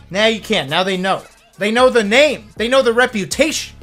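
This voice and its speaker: A man's voice: high-pitched, fast, soft background music. A man in his thirties, a streamer, telling a story casually on a live stream with lots of swearing and laughter. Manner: animated, profane, laughing storyteller.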